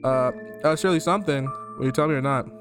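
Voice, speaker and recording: A man's voice: medium pitch, fast talker, over music. A man playing a horror game on stream, reading the game's lines aloud and reacting with laughter and a lot of swearing. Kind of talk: let's play commentary, reading game text aloud.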